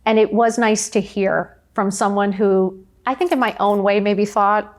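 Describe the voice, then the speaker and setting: A woman's voice: mid-range voice, fairly even intonation, measured pace. Chatty, emphatic woman in her fifties. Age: 50s. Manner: chatty, emphatic storyteller, frequent "like". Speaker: podcast guest. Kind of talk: candid conversational interview.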